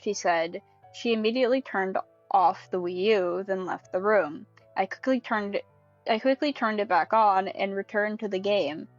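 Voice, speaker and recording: A woman's voice: medium pitch, muffled recording, soft background music. A young woman reading a creepypasta aloud in a casual way, breaking off to laugh and comment. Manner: quick, giggly and sweary. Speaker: creepypasta reader.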